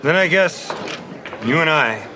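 An actor playing a stern police detective father, speaking slowly and deliberately to intimidate, in a TV drama clip with background noise. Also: fairly high pitch, animated. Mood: threatening. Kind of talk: TV drama acting.

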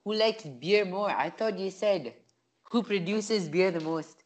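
A man co-hosting a casual podcast, excitable and quick to protest as a quiz contestant. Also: high-pitched.

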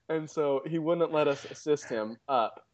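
A man's voice: fairly high pitch, muffled recording. Laid-back man rambling through a story. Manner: rambling, self-amused, frequent restarts. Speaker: podcast guest. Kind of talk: casual storytelling.

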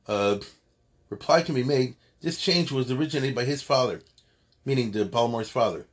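A man giving an informal lesson, reading Hebrew passages slowly and explaining them in casual, halting asides. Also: mid-range voice, expressive. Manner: hesitant, many fillers and restarts. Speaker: Torah teacher. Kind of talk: informal text study lesson.

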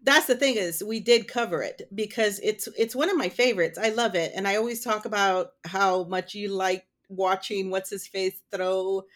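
A woman co-hosting a relaxed podcast conversation. She talks in a chatty, giggly way and wanders through her points with fillers. Nothing formal about her delivery. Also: mid-range voice, normal speed, few pauses. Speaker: podcast co-host. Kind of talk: casual chat.

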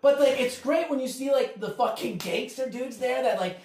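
A man co-hosting a comedy podcast in casual chat, rambling through stories with profanity and loud acted-out quotes. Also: very high-pitched, normal speed. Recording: roomy, distant mic.

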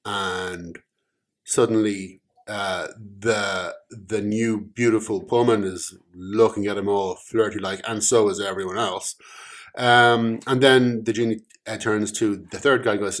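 A man's voice: fairly low pitch, fairly even intonation, a little slow, a bit bright. A man telling a long joke in a rambling way, with many ums and self-corrections. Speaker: joke teller. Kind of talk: casual spoken joke.

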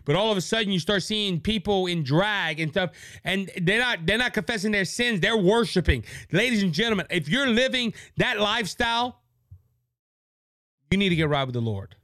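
Brief: male podcast host from Louisiana, high bright voice, preachy and fervent, dry close mic. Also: lively intonation, normal speed, dry recording. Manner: preachy, fervent, repeats words when worked up. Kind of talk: impassioned political podcast monologue. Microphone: studio microphone.

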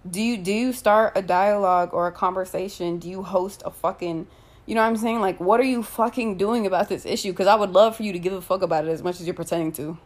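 A woman in the middle of a heated rant, firing off one rhetorical question after another and swearing freely. Her voice sits at an ordinary middle pitch for a woman. She speaks as a social media commentator talking straight to her audience. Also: fast talker. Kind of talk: angry rant to camera.

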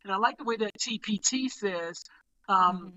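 An older man, a pastor, talking quickly and preacherly in a casual podcast discussion. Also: sits high, sharp tone, dry recording, poor audio.

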